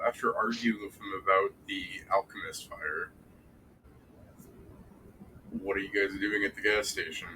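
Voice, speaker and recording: A man's voice: lowish voice, bright, forceful tone, a little hiss or hum, low-quality recording. A man running a tabletop game over voice chat, laid-back and swearing casually. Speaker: game master.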